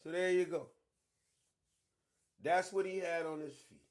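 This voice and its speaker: A man hosting a casual livestream, talking with emphasis and profanity and repeating himself to drive points home, moving between low mutters and loud outbursts. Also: fairly even intonation, measured pace. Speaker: online show host.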